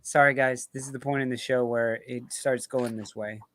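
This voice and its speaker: A man's voice: mid-range voice, steady tone, normal speed, fairly bright tone. Laid-back American man hosting trivia. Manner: laughing, swearing, jokey asides. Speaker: host. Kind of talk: casual trivia banter.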